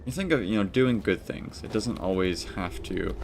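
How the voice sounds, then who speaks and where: A man's voice: sits low, expressive, normal speed, creaky, a little hiss or hum. A man with a stuffy, congested voice, chatting casually to his viewers while he plays and comments on a game live. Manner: chatty, addresses chat. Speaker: streamer.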